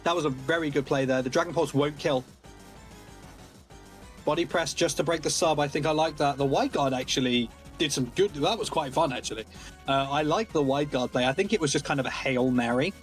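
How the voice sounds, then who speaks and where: A man giving live play-by-play commentary on a competitive game tournament, excitable and analytical. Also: a little high, fairly quick, faint music behind.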